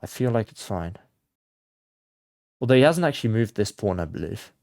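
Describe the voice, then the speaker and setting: A man's voice: on the low side, very animated, moderate pace, creaky, dry recording, studio quality. A man thinking aloud as he plays blindfold chess for his channel, muttering his moves and getting flustered when he loses track of the board. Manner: mutters moves to himself, swings between quiet focus and flustered panic. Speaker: chess content creator.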